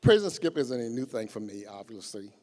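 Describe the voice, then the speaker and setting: A middle-aged man from Louisiana reads prepared remarks at a memorial, earnest and measured. His mid-pitched voice echoes with long reverb through a large arena. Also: sing-song, darkish tone. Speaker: athletic director.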